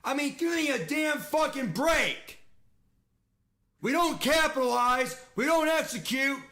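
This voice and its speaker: This young gaming streamer plays a football video game, ranting and swearing with frustration in his live commentary. He has a very high-pitched, sharp, expressive voice and speaks at a measured pace.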